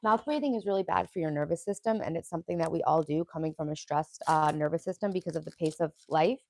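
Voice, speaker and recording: A woman's voice: deep voice, fast, gravelly, a little mellow. A young woman hosting a casual livestream, chatting in a rambling way and answering viewers' comments. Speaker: livestream host.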